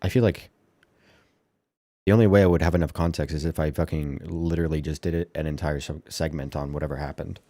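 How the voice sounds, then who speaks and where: A man's voice: extremely low pitch, steady tone, fairly quick, warm tone, no room sound, clean studio sound. A man streaming, reacting in offhand, profane asides to chat and a video. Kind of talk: casual stream commentary.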